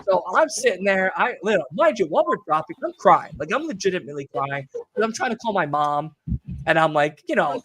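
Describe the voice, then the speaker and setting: A podcast host, a man, telling a story in casual chat, animated and profane, acting out the people he quotes. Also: sits high, fairly quick, slightly rough. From Long Island, New York. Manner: animated, profane, acts out quotes in put-on voices.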